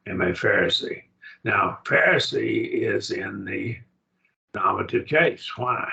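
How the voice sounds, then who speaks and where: A man's voice: lowish voice, creaky, sharp tone, highs cut off. An older man teaching a Greek grammar lesson, patient, checking that his student follows. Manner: patient, explains step by step, checks understanding.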